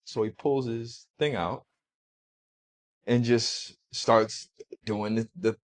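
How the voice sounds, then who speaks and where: A man recounting a personal story as an interview guest, halting and restarting often. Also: medium pitch, fairly even intonation.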